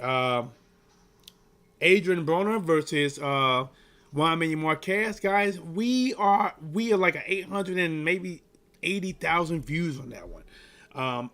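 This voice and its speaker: On a casual sports livestream, a man with a voice on the high side talks to his chat animatedly and repetitively, hyping up his viewers.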